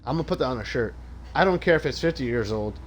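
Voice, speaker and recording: A man streaming a game live, ranting loudly and with exasperation about the matchmaking, swearing constantly. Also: mid-range voice, expressive, fast, slight background noise. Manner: profane ranting, loud and exasperated. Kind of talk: live gaming stream rant.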